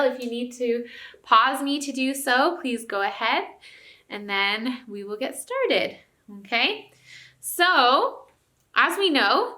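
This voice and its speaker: A woman teacher with a slightly high, sharp-toned voice gives young students a recorded spelling lesson. She is patient and encouraging, often checking in with "okay?", and the recording has a roomy echo.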